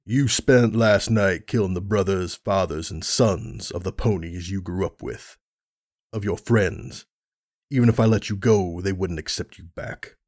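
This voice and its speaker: A scheming stallion warlord voiced by a man talks low and quiet, every line laced with contempt. His voice sits close and dry, with no room around it. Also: a little slow, no echo. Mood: cold contempt.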